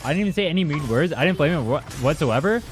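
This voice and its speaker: Fast-talking young man streaming games. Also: a little high, lively intonation. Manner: rambling, profane, reads and answers chat. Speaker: game streamer. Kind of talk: casual livestream chat while gaming. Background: faint music from his playlist.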